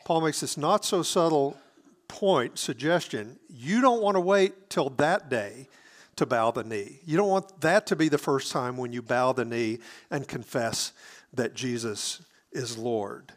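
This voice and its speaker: A man's voice: medium pitch, a little slow. A man preaching a sermon, explaining scripture earnestly, often restarting his phrases.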